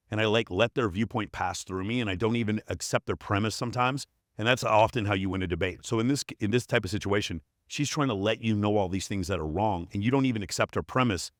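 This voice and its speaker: A man's voice: on the low side, no echo, clean studio sound. A man talking as a podcast guest, blunt and profane, explaining his points with emphatic stories. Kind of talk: casual interview conversation.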